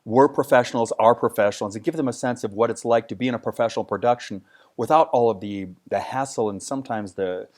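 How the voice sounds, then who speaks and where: A man's voice: mid-range voice, quick pace, darkish tone. A middle-aged man from a theater production, recounting a story in a casual interview with thoughtful small restarts.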